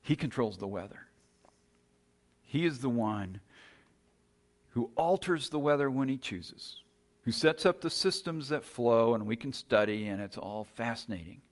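A man's voice: mid-range voice, expressive, measured pace, long pauses. A man preaching a sermon, retelling a scripture story in a conversational way with rhetorical questions and frequent restarts.

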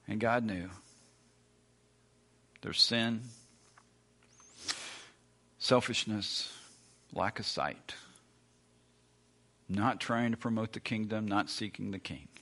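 Man, pastor, sermon, bright forceful tone, emphatic, repeats lines for effect. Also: lowish voice, fairly even intonation, slow pace, pauses often. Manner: emphatic, repeats lines, acts out complaining listeners.

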